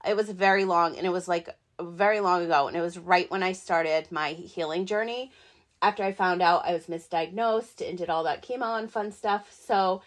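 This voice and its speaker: A woman in her thirties hosting her own podcast, talking in a chatty, excitable, rambling way with lots of fillers. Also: fairly low pitch, moderate pace. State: hiccups. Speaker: podcast host. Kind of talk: casual solo podcast talk.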